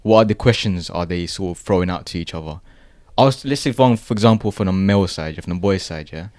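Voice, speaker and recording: A man's voice: low-pitched, fast talker, darkish tone, no room sound, clean studio sound. A man co-hosting a casual podcast discussion, explaining his points through long worked examples. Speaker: podcast co-host.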